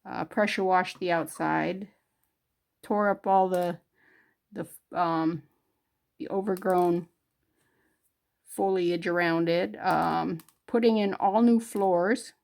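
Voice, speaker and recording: A woman's voice: fairly low pitch, fairly even intonation, takes it slowly, gravelly, pauses often, a little mellow. A middle-aged woman from northern New York, hosting a jewelry crafting vlog in a homey, rambling way with many fillers. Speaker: jewelry crafting channel host.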